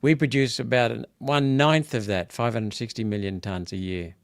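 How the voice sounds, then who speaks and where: An Australian senator hosts a live political wrap-up, speaking casually but repeating himself as indignation builds into emphatic outbursts. His mid-range voice has vocal fry and fairly even intonation at normal speed, clear and resonant in a dry recording.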